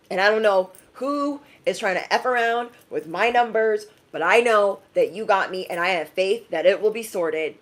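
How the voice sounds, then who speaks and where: A woman giving a casual, emphatic live-stream reading, chatty and quick to laugh. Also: medium pitch. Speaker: tarot reader.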